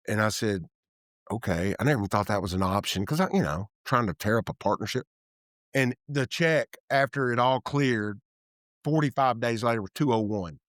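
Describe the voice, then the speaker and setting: A man in his fifties, a real estate developer from Tennessee, speaks in a middle-pitched voice recorded dry and close. He tells candid stories and acts out the dialogue as he goes. He trails off and restarts mid-thought, like someone who is thinking aloud. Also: normal speed, a bit bright, no echo. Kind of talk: candid storytelling interview. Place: office room.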